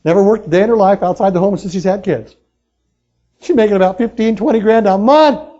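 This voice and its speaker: A man speaking as a motivational speaker at a sales meeting, talking excitedly and pushing the crowd with questions in a live seminar talk. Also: sits high, fairly quick, dull audio. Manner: excitable, pushy, talks straight to the crowd with questions.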